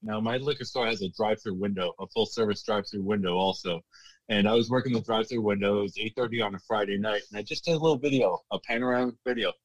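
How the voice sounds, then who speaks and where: A man's voice: lowish voice, quick pace, dry recording, dull audio. A man working as a bartender, telling stories casually in an interview, laughing often and restarting his sentences. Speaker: guest, former casino bartender.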